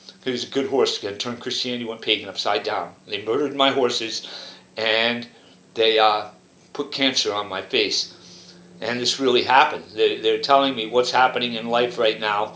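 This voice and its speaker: Man, rambling monologue, repetitive, mid pitch, roomy echo. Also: fairly even intonation, moderate pace, a bit bright. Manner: rambling, repetitive, pointing at details. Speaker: vlogger interpreting images.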